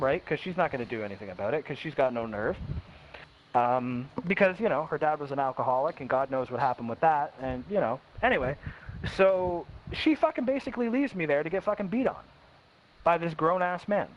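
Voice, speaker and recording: Young male storyteller, high lively voice, blunt and profane, dull lo-fi mic with faint hiss. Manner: blunt, heavy swearing, quick quoted voices, restarts. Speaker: streamer telling a personal story. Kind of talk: casual storytelling.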